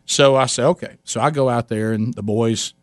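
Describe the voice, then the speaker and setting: A talk-show host with a mid-range voice tells a lengthy, funny story about his family at a moderate pace, restarting frequently. He's animated and voices his wife's lines himself, all in a casual chat captured in clean, echo-free studio sound.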